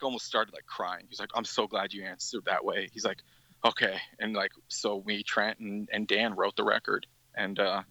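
A man's voice: on the low side, sharp tone, no room sound, poor audio. A man, a band's guitarist, telling a rambling story in a casual podcast interview, with many restarts. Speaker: musician guest.

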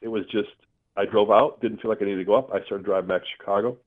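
A middle-aged man, heard through a thin phone-line sound, is a guest recounting his own story in conversation. He speaks earnestly and with animation, in a lowish voice with a steady tone and a quick pace.

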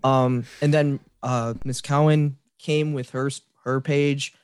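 Excited male podcast guest. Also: medium pitch, slow pace. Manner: excited storyteller, many restarts. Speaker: podcast guest, fan site creator. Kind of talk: casual podcast chat.

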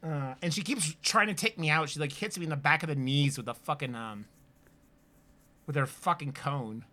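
A man's voice: a little high, moderate pace, pushed and bright. A man co-hosting a horror podcast in loose casual chat, rambling with lots of fillers and swearing. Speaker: podcast co-host.

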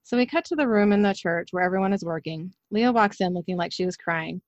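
A woman's voice: medium pitch, fast, no echo. A woman casually reading out an episode recap in a plain, matter-of-fact way. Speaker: recap narrator. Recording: slightly dull lo-fi audio.

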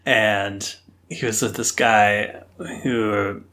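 A man's voice: on the low side, little pitch movement, very slow, pushed and bright. A man co-hosting a casual podcast recap, rambling and hesitant, correcting himself as he goes. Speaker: podcast co-host recapping a show. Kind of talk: casual chat.

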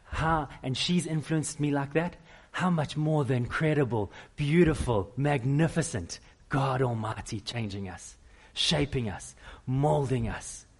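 A middle-aged man preaching a sermon, with animated, self-deprecating storytelling. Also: mid-range voice, a little slow, breathy edge. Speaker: pastor.

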